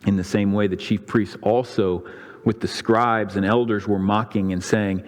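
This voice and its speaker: Guy preaching in a church, low voice, long echo off the hall, acts out the crowd lines. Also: fairly even intonation, normal speed. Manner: dramatic storytelling, voicing the crowds' and priests' lines with rising pitch. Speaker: pastor. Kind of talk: sermon retelling a scripture story. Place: church sanctuary.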